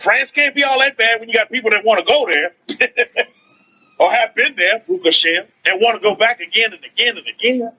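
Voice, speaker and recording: A man's voice: sits high, brisk, slightly rough. A man, a rabbi, giving an informal online teaching to his followers. He talks in a preachy way, repeats his phrases, asks rhetorical questions and reads out viewer comments. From United States. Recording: dull lo-fi stream audio.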